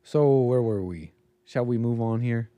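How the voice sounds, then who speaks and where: A man's voice: mid-range voice, unhurried, mellow, no echo. A man hosting a livestream commentary show, rambling and musing aloud and often trailing off mid-thought. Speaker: show host.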